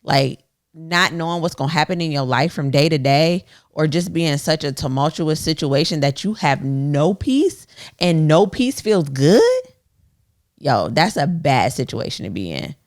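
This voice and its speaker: Woman, podcast co-host, casual chat, candid, laughs often, animated storytelling. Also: sits low, unhurried.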